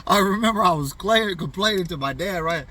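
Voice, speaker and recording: A man's voice: high-pitched, animated, fairly quick, bright, forceful tone, distant mic. A middle-aged man casually telling a funny childhood story in loose, profane slang, often tossing in "you know what I'm saying.". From US Pacific Northwest. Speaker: vlogger.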